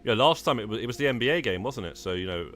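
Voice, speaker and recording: Deep-voiced male game streamer chatting. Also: animated, fast talker, fairly bright tone. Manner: chatty, frequent "uh" and "man", talking to chat while playing. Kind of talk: casual live-stream chat.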